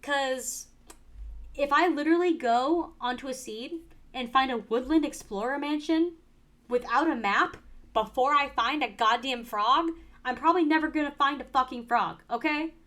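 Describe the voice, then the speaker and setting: Excitable, foul-mouthed woman gaming streamer. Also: sits high, moderate pace. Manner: excitable, swears freely, swings from quiet muttering to loud exasperated outbursts. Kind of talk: casual gameplay commentary.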